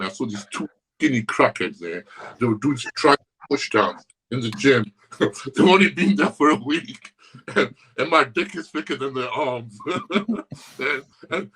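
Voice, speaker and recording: A husky-voiced man on a casual podcast, ranting about the gym with a string of curses. His voice sits at an ordinary middle pitch, rough and a little breathy. He tells stories fast and bluntly. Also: a bit bright, poor audio. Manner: profane, ranting storyteller. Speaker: podcast guest.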